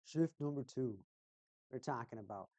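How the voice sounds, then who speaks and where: This hockey watch party host has a rumbling low, mellow voice at normal speed, chatting casually and playfully with play-by-play. She wanders off on tangents and repeats phrases in a sing-song lilt, and the audio is dull with no echo.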